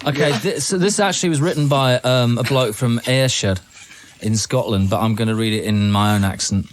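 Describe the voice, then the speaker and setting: A man's voice: medium pitch, fairly quick, a little hiss or hum. A man guest in a radio studio, chatting in an offbeat, rambling way and reading a joke aloud. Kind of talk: casual studio chat.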